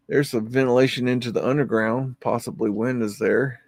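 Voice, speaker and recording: A man's voice: medium pitch, steady tone, fairly quick, gravelly, hardly any pauses, a little mellow, dry recording. A man hosting a live stream, musing in a folksy, casual way as he comments on old photos. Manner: folksy, drawling, musing aloud.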